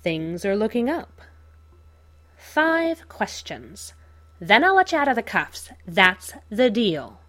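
A woman's voice: mid-range voice, sing-song, slow, fairly bright tone. A woman voicing a gleeful, unhinged male villain who taunts in a manic, cackling way. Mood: mocking.

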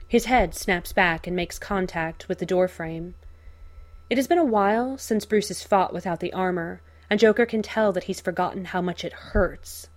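A woman narrating fan fiction aloud in a slow, measured, even way. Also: fairly low pitch.

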